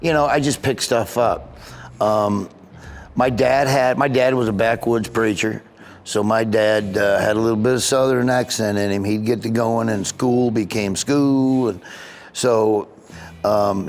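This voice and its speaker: A man's voice: fairly low pitch, steady tone. A man in his sixties, a comedian chatting in an interview, telling rambling stories. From Midwestern United States. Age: 60s. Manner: rambling, anecdotal, does quick imitations. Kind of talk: casual interview chat.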